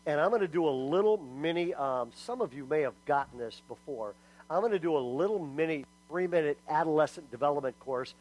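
A middle-aged male pastor delivering a sermon in a lively storytelling way. His voice sits a bit high for a man, and he acts out quotes and tosses asides to the congregation. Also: fairly quick, rough recording.

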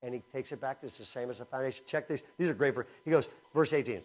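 A man preaching a sermon in a conversational style, energetic and swinging between loud emphasis and quiet asides. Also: medium pitch, fast, hardly any pauses. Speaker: speaker at a camp teaching session.

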